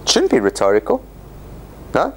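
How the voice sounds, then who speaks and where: Lively, rather high-voiced male rabbi teaching. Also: normal speed, a little hiss or hum. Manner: animated, questioning the class and acting out quotes. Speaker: rabbi teaching a Bible study class. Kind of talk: interactive classroom lecture.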